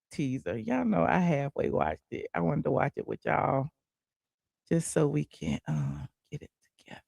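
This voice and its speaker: Sassy woman doing gossip live, kinda gravelly, dry close mic, AAVE. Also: mid-range voice, dry recording. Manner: sassy, chatty, says "honey" and "okay". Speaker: host. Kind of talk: casual celebrity gossip livestream.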